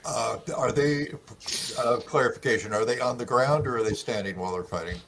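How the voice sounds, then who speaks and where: A man with a mid-range voice plays a tabletop game, speaking quietly. He asks apologetic questions about the rules and describes his moves. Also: mid-range voice, brisk, creaky, slight background noise. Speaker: player.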